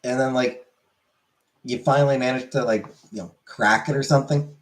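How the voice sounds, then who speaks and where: A man's voice: medium pitch, steady tone, moderate pace. Rambling casual man streamer. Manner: rambling, filler-heavy, answers chat. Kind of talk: casual chat.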